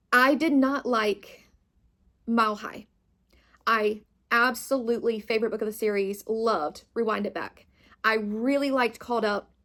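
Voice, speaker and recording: An enthusiastic young woman talks through her month of reading in a relaxed, chatty way, gushing over favorites. Her voice sits a little higher than most. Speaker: booktube host. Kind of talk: casual reading wrap-up chat.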